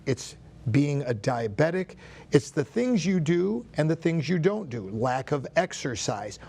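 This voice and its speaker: Dokter jantung pria dengan suara serak. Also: male voice, fairly high pitch, gravelly, darkish tone. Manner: measured explaining, some restarts. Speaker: cardiologist guest. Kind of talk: explanatory studio interview. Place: TV studio.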